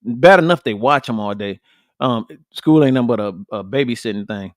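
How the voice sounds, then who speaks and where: A man hosting a podcast, chatting casually with his viewers in a blunt, profane, animated way and repeating his points for emphasis. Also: medium pitch, brisk, dry recording, studio quality. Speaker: podcast host. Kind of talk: casual livestream chat with viewers.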